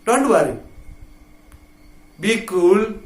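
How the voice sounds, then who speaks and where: A man's voice: high voice, very animated, extremely slow. A male English literature teacher explaining a play line by line, patiently repeating and paraphrasing each point. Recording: roomy echo.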